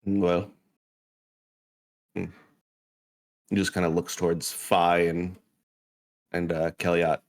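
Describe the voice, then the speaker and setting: A man's voice: low-pitched, flat delivery, slow pace, pauses often, low-quality recording. A man roleplaying at a tabletop game, joking and swearing with mock grudges. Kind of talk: casual in-character roleplay chat.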